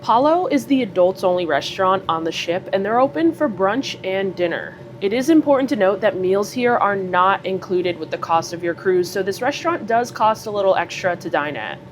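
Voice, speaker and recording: With a mid-range voice and lively intonation, a woman reviews dishes on her casual food vlog, upbeat and talkative at a moderate pace with few pauses. There's slight background noise, mostly crowd chatter aboard a cruise ship.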